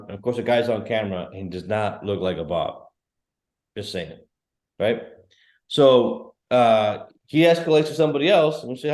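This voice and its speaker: A man's voice: medium pitch, very animated, a little mellow. Echoey man rehearsing a standup bit. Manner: halting, rehearsed storytelling with fillers. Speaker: workshop participant practicing a joke. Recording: roomy echo.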